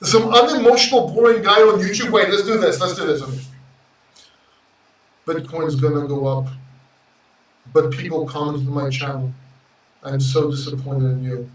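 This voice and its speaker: A Greek man hosting a crypto livestream, talking to chat in an emotional, brash way, swearing and swinging between loud and quiet. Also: sits high, normal speed, recorded from a distance. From Greece. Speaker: crypto YouTuber reading live chat. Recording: roomy echo, off-mic sound.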